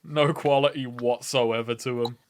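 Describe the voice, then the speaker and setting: A man playing a tabletop game, chatting casually, swearing freely and trading quick jokes with his friends. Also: medium pitch, steady tone, crowd noise. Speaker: tabletop player.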